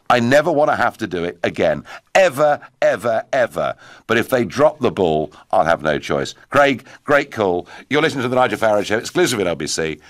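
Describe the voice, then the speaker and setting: A British man hosts a talk radio phone-in, his pitch rising and falling a great deal as he presses each point. He is emphatic and forceful, and his studio mic sounds dry and close. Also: dry recording. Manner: forceful, emphatic, lively delivery. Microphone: studio microphone.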